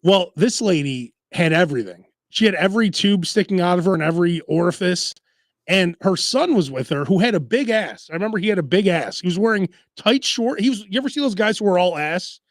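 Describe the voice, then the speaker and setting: A man's voice: sits high, animated, fairly quick, dry recording, studio quality. A man hosting a casual food podcast, telling rambling stories and mimicking voices. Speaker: podcast host. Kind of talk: casual chat.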